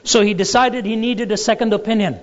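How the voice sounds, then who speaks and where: Male lecturer, higher-pitched voice, deliberate storyteller, long hall reverb. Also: fairly even intonation. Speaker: Christian apologetics lecturer. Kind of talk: lecture with anecdotes and jokes. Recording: dull lo-fi recording in a large reverberant hall.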